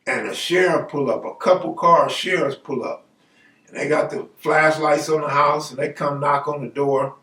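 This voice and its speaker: A man's voice: on the high side, moderate pace. A man telling true stories on a live stream, casual and slangy, acting out voices as he goes. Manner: animated, slangy, acts out voices. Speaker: storyteller host. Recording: roomy, distant mic.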